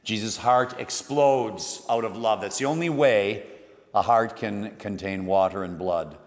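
Priest guy giving a sermon, lowish voice, goes quiet then punches words hard, big church echo. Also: a little slow. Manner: dramatic storytelling, swings from hushed to emphatic. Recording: long church reverb.

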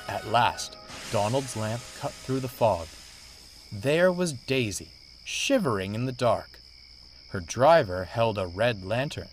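A man narrating a read-aloud story in a measured, expressive way. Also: mid-range voice. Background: music.

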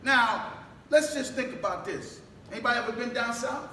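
A man delivers a sermon with a very high, bright, forceful voice. He asks question after question, waits for the congregation to answer, and rises to shouts. He was recorded from a distance in a roomy, echoing hall. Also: normal speed. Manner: rhetorical questions, calls for responses, builds to shouts. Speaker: mosque minister. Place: mosque hall. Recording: echoey room, distant mic, faint background noise.

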